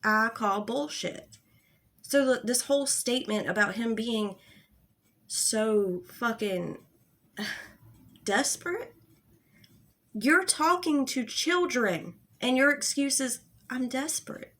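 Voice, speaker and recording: A woman's voice: on the high side, animated, slow, a bit bright. A young adult woman giving an angry, profane commentary rant, exasperated and sarcastic. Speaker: commentary YouTuber.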